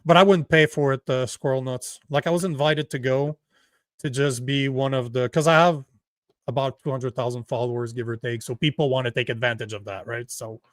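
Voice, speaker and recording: A man whose first language is French, co-hosting a casual political livestream in a rambling, animated way with free swearing. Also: mid-range voice, fairly quick, no echo, studio quality. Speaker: livestream co-host.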